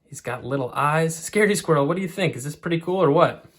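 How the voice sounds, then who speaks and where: A man's voice: a little high, fast talker, a bit bright. A man art teacher talking children through a clay craft, step by step. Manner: friendly, step-by-step instruction.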